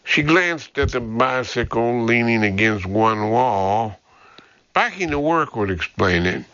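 A man reading a novel aloud as audiobook narrator in slow, even storytelling. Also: medium pitch. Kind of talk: scripted narration. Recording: dull dry lo-fi audio.

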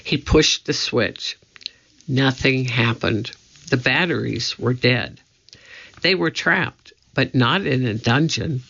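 A woman reads a children's storybook aloud at a slow, measured pace. Her voice is bright and sharp, with a gravelly edge. The recording sounds slightly dull and lo-fi. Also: rumbling low. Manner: measured and deliberate. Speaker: audiobook reader.

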